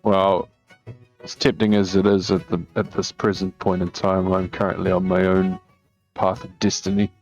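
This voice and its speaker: A man playing a character in a tabletop game, polite and measured. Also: sits low, little pitch movement, darkish tone. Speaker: player. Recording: dull lo-fi sound with faint music behind.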